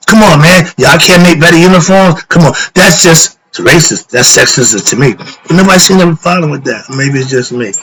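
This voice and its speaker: A man's voice: fairly high pitch, animated, moderate pace, hardly any pauses, a bit bright, rough recording. A middle-aged man giving a casual spiritual lecture, posing rhetorical questions and answering them, slipping into slang and getting worked up. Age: middle-aged or older. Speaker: philosophy talk host.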